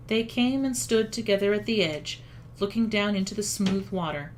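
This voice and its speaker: A woman reading a children's story aloud in a calm, even storytelling manner. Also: mid-range voice, normal speed, slight background noise. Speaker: audiobook reader. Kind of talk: storybook narration.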